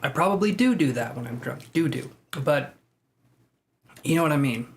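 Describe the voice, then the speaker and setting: Hosting a tarot livestream, this man talks at a moderate pace in an animated, higher-pitched voice. He's chatty and jokey, laughing a lot as he reads viewers' comments aloud.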